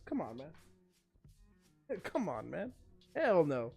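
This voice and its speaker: A man's voice: fairly high pitch, wildly swooping pitch, slow, gravelly, long pauses, dark tone, slightly rough, soft background music. A male livestream host in a casual chat, ranting emphatically and swearing freely.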